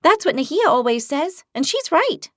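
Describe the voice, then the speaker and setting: An eager young female dragon rider, pitched noticeably high and pressing her point with urgency, as a woman narrator puts her on. The recording is dry and close, with no room sound. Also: big pitch swings, moderate pace, no echo. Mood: insistent. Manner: insistent, rallying.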